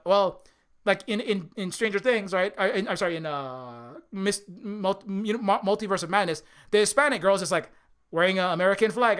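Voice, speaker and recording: High-voiced rambling man. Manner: rambling, animated, profane, many restarts. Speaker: indie game developer streaming. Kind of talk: casual rambling stream talk.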